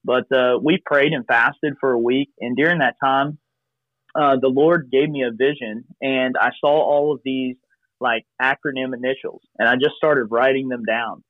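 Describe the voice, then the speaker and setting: A man's voice: mid-range voice, steady tone, normal speed, no echo. A man in his thirties telling his story casually over a video call, rambling with many fillers. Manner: rambling, many fillers, acts out quoted voices. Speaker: podcast guest. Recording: tinny lo-fi call line, dry.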